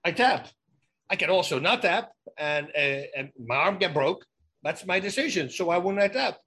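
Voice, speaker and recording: A man being interviewed as a guest, telling lively anecdotes in a casual way, often restarting his sentences and adding emphatic asides. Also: high-pitched, moderate pace, breathy edge. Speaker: guest, former fighter turned actor.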